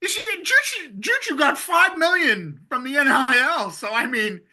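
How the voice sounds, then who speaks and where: Very bright, lively joking man. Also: extremely high pitch, measured pace. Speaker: podcast co-host. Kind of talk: casual podcast chat.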